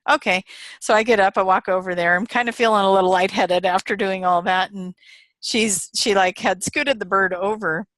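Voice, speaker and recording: A woman's voice: medium pitch, steady tone, moderate pace, fairly bright tone, dry recording. A woman guest in an interview, telling a story casually, retelling quoted voices with animation and laughter.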